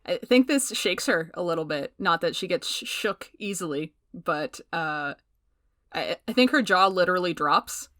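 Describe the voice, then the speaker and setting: Player, woman, halting, low, dry. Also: animated, bright, forceful tone, no room sound. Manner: hesitant, halting speech. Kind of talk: playing a tabletop game.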